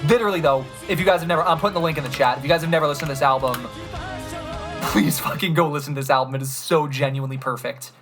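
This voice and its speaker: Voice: mid-range voice, rapid-fire, music in the background. A young streamer ranting casually to chat about albums, enthusiastic and rambling, swearing often.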